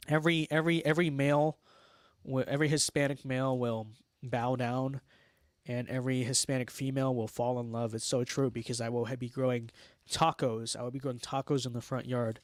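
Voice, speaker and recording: A man's voice: medium pitch, little pitch movement, a little fast, no echo. A young man from Los Angeles hosting a casual livestream, reading chat messages aloud and answering them in a wry, sarcastic, mock-boastful way. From Los Angeles, United States.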